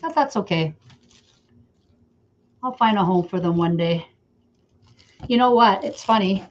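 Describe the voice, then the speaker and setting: A middle-aged woman from Canada, speaking at medium pitch and a measured pace, teaches wreath making in a casual stream while chatting with viewers by name. The lo-fi recording sounds a little dull, with faint hiss or hum.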